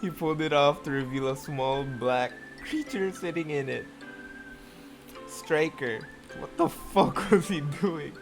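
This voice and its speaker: A host reading fan fiction aloud in a casual reaction video, moving between slow, even reading and loud, shocked, swearing outbursts. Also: mid-range voice, music in the background.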